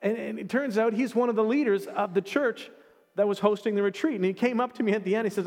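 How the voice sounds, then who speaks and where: A man's voice: sits high, quick pace, darkish tone, big-room sound. A man preaching a sermon, telling a personal story with earnest, emotional delivery and frequent restarts. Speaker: pastor.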